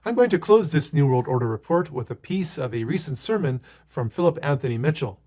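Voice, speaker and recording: A man hosting a report, reading scripted, solemn remarks with a Bible quote in a measured way. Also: a little high, animated, warm tone. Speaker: host of a report show. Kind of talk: scripted narration.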